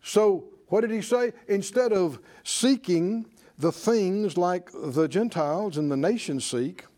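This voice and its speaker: A man preaching a sermon in an animated way, asking the congregation to answer back and mimicking worried voices. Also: high voice, slow pace.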